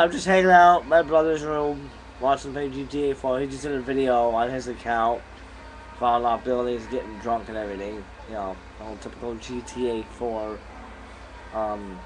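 A man's voice: mid-range voice, steady tone, normal speed, low-quality recording. Young guy rambling on his home vlog, chewing gum, camera mic, a little room hiss. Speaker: vlogger. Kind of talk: casual vlog chat. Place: bedroom at home.

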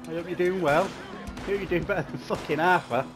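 A man's voice: on the high side, quick pace, music in the background. A man giving crude, swearing, mocking commentary while playing a game. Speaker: gaming streamer. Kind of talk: gameplay commentary.

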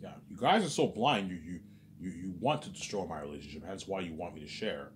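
A man's voice: deep voice, expressive, moderate pace, pauses often, background noise. A man delivering a rambling, agitated vlog monologue, repeating "obviously" and "man" and swearing often. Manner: repetitive, peppers speech with "obviously" and "man". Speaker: vlogger.

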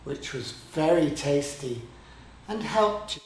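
Man, storyteller, children's story, very slow, fairly high voice, echoey room. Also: expressive, slight background noise. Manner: gentle and unhurried.

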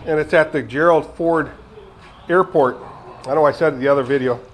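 In a low-quality recording, a retired man in his sixties cooks in his home kitchen for a casual vlog, rambling and chatting to viewers. His voice runs a little high and a little fast.

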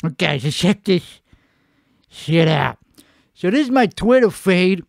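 A man with a put-on Italian-American accent rambles through a profane, self-mocking comedy monologue. His pitch swings up and down a lot. The sound is close and dry. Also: big pitch swings, measured pace, creaky, no room sound. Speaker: comedy show host. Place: home at night.

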